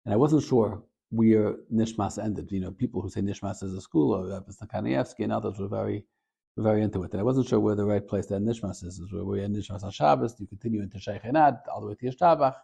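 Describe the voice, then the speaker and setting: A man, a rabbi and Torah teacher, giving a short Torah talk as an animated storyteller. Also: fast, gravelly, husky. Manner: animated storyteller, gets louder and higher at the story's peak.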